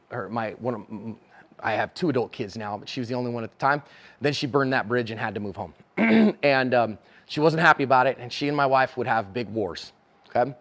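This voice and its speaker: A middle-aged self-defense instructor with a mid-range voice gives a conference lecture in a conversational style. He acts out dialogue using different character voices.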